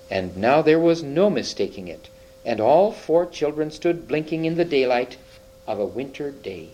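A man narrating an audiobook with measured, expressive storytelling. His pitch rises and falls freely through each sentence. A faint hum sits underneath the recording. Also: rough recording.

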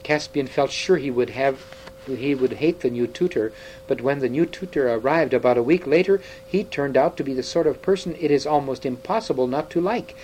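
A man narrating a children's story aloud in a lively, expressive manner. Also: mid-range voice, fairly quick, a little hiss or hum, rough recording.

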